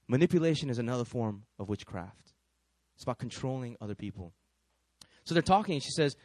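A man's voice: mid-range voice, fairly quick, no echo. A man preaching a sermon, telling a story and acting out each person in it. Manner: animated, acts out every character.

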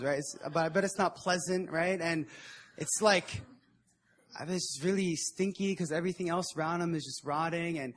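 A young man with a high-pitched, husky voice preaches a casual sermon at a prayer meeting. Speaking conversationally, he retells a Bible story in everyday slang and acts out the Bible figures in modern lingo.

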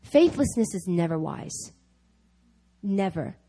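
A woman preaching a conversational sermon, telling a personal story with laughs and lively asides. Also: lowish voice, takes it slowly, slightly rough, low-quality recording. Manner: animated, laughing, chatty with fillers. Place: church service.

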